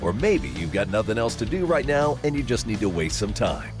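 A man's voice: lowish voice, sing-song, a little fast. Punchy male radio show announcer over guitar. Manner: punchy, tongue-in-cheek delivery. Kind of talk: scripted radio intro. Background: guitar music.

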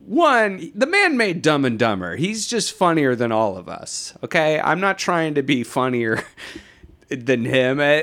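A man's voice: a little high, a bit bright. A young man hosting a podcast, rambling through a casual comedic monologue with sardonic asides, chuckles and profanity. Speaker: podcast host.

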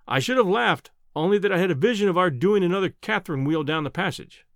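A man narrating an adventure novel in the first person, measured and wry. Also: high voice, animated, fairly bright tone, dry recording, clean studio sound. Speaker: audiobook narrator.

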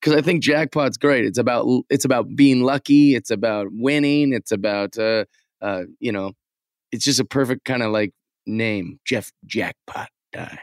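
A man's voice: medium pitch, moderate pace, no room sound, studio quality. A man guesting on a podcast in casual chat, enthusiastic and full of fillers. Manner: enthusiastic, laughs easily, filler-heavy.

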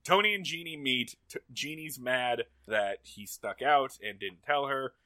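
A man co-hosting a podcast, recapping a TV episode in casual, profane banter and acting out lines in loud put-on voices. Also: medium pitch, unhurried, no echo. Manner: animated, acts out quotes in loud voices, profane. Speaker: podcast co-host.

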